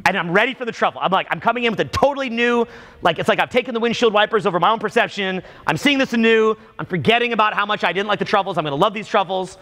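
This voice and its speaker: A man in his forties giving a live talk to a room audience, an animated, jokey storyteller who acts out little scenes and quizzes the crowd. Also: sits high, rapid-fire, big-room sound. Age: 40s. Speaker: seminar speaker.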